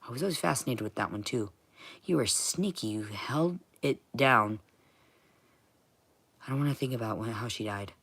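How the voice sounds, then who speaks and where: A woman vlogging in a rambling, profane monologue, swinging from muttering to shouting. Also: extremely low pitch, lively intonation, normal speed, long pauses, slightly rough.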